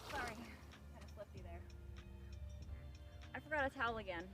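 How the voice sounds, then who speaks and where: A young woman live-streaming herself fishing from a pond shore, chatting playfully to her viewers and getting loudly excited over a big catch. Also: fairly high pitch, moderate pace, loud music behind the voice. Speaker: fishing vlogger. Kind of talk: casual live-stream chat.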